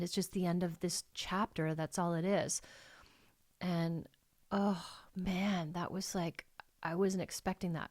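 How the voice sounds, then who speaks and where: A middle-aged life coach hosts her own podcast, delivering a heartfelt, emotional, rambling monologue packed with "like"s. Her voice is mid-range and a little mellow, with no echo.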